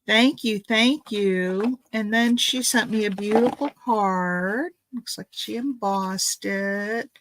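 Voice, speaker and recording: This woman has a mid-range voice and speaks slowly with hardly any pauses, recorded with no room sound but poor audio quality. She's opening gifts at home for a craft video, chatting casually and rambling as she thinks out loud.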